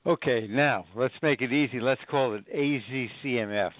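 A man, a guest being interviewed, explaining in a measured way with occasional fillers. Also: mid-range voice, no room sound. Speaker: guest, nonprofit project manager. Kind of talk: interview answers. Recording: muffled lo-fi recording.

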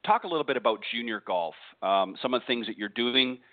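A man hosting a radio interview, loose and halting with many restarts. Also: mid-range voice, expressive, no room sound. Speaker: radio show host. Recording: tinny phone-quality line.

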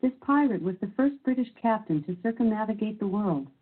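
A woman's synthesized assistant voice reading quiz clues and verdicts in a measured, even announcer manner. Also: mid-range voice, breathy edge. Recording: tinny phone-like sound.

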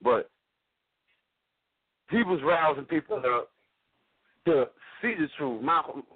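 A man calling in to argue on a radio show, halting and restarting his sentences as he makes his case. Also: fairly high pitch, animated, breathy edge, no echo. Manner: halting, stumbles and restarts while arguing. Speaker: caller. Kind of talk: heated call-in radio debate. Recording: dry, tinny phone-line audio.

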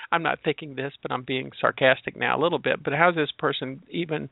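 Gravelly man on a tinny line. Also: on the high side, steady tone, fairly quick, dry recording. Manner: searching, explanatory, leans on personal examples. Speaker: transgender educator. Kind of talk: spoken reflection on labels. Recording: tinny, dry phone-line sound.

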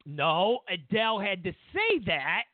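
A man's voice: sits high, wildly swooping pitch, measured pace, no echo. A man hosting a talk show, ranting sarcastically in a rambling, comedic way with lots of restarts. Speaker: host. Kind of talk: casual comedic rant. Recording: tinny phone-like line, dry.

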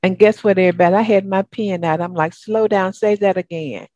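A woman's voice: medium pitch, steady tone, a little fast, dark tone, no echo, highs cut off. A woman with a Southern US accent hosting a talk show, effusive and encouraging, with a spiritual bent. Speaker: host. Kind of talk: upbeat talk show chat.

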